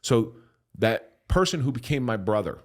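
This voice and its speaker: A middle-aged man, a podcast guest, telling a story in a casual, animated, profane way that turns preacher-like. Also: medium pitch, normal speed.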